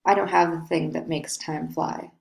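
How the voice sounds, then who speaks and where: A woman reading the part of a brooding, lovesick young nobleman in a play, in a slow, dreamy way. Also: low-pitched, steady tone, creaky, rough recording. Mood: wistful.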